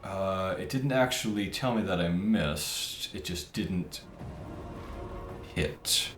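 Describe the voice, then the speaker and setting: A man with a low voice talks through his game moves, thinking aloud and muttering over tactics. His pitch swings up and down as he talks. The voice sounds a little roomy, and game music plays clearly behind him. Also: animated, slow. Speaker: gameplay commentator. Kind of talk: casual let's-play commentary.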